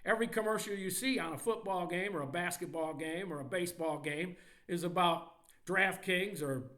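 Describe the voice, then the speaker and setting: Speaking at a moderate pace with a high, sharp-toned voice, a male podcast host tears into sports. His rant is angry, mocking, and thick with profanity.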